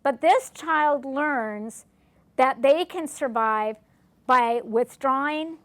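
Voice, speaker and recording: A woman's voice: high-pitched, slow pace. A middle-aged woman giving a classroom lecture on family recovery, asking her audience questions and acting out short exchanges. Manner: asks the audience questions, acts out short dialogues.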